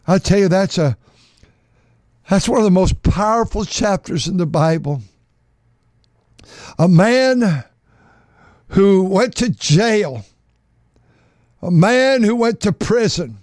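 Male preacher, high tenor, fervent sermon delivery with emphatic repetition, dry close sound. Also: lively intonation, slow, long pauses, a little mellow, dry recording. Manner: fervent, repeats words for emphasis. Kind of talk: sermon with scripture reading.

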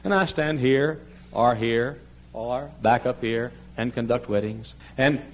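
A male pastor delivering a sermon in a church sanctuary. His voice drops to a hushed, earnest plea, then climbs into loud, ringing cries. He tells folksy stories and acts out the people in them. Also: mid-range voice, measured pace, dull audio, a little hiss or hum. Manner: swings between hushed pleading and loud shouted emphasis.

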